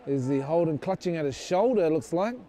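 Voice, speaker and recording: A man's voice: fairly high pitch, animated, brisk, mellow. A man giving casual, rambling, jokey commentary on a club rugby match from the sideline, often unsure of player names. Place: outdoors at a club rugby ground.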